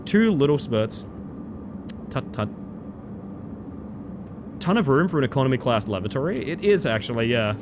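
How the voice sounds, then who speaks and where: A man, chatting excitedly as he streams a game live. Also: medium pitch, moderate pace, long pauses, background noise. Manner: excitable, chatty, bursts into loud exclamations. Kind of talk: live gameplay commentary.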